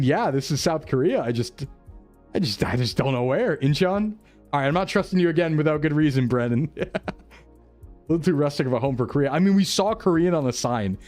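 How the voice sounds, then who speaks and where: A man's voice: fairly high pitch, expressive, moderate pace, pauses often, darkish tone. A young man streaming a geography game, chatting casually with his viewers, joking and laughing often. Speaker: VTuber streamer. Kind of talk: casual livestream chat while playing. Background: faint background music.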